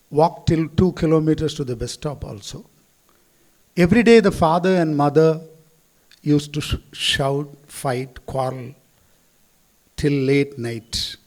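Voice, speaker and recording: A man's voice: fairly high pitch, unhurried, long pauses, a little mellow. A man, a school chairman giving a speech at a school event in a hall, telling stories and acting out the quotes.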